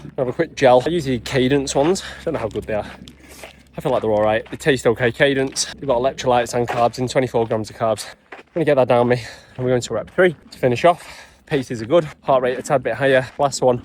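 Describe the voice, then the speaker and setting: Male vlogger, mid-pitched, casual and chatty, talks viewers through his day. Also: darkish tone, slight background noise. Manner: chatty, upbeat, explains as he goes. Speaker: fitness vlogger. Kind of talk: casual vlog narration.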